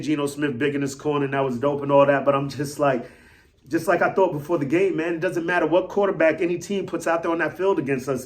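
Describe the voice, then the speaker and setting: A man giving casual solo commentary as a fan vlogger, rambling and animated, repeating himself and swinging between loud and soft. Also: a little high.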